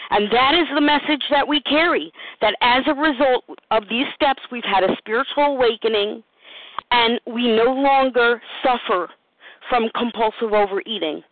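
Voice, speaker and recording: A woman sharing at a recovery meeting with a steady, earnest delivery. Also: a little high, moderate pace, no room sound. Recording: dry phone-line call audio.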